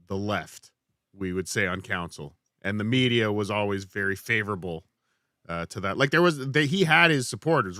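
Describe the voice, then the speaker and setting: Man from Canada, bright tone, dry close sound. Wry podcast guest with deadpan jokes. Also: on the low side, no room sound. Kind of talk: casual chat.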